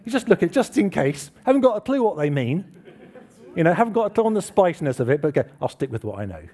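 A man's voice: fairly high pitch, big pitch swings, quick pace, dark tone. A man preaching a casual, chatty sermon to a congregation, asking them questions and joking about himself. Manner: chatty, self-deprecating, asks the congregation questions. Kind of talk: informal church sermon. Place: church hall with congregation.

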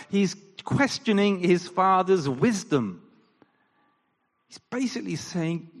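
A man preaching a sermon in an animated style, firing off rhetorical questions and acting out quoted lines. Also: high-pitched, a little slow. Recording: long reverb of a large hall.

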